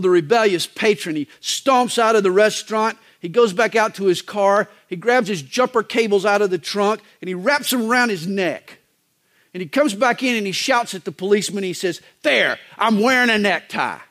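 A male pastor delivering a sermon in a folksy, joking manner, with wide swings in pitch. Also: normal speed, fairly bright tone.

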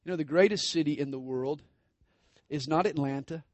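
A man preaching a sermon, expounding scripture and praying aloud, swinging between loud declarations and hushed asides. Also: fairly high pitch, normal speed, dry recording.

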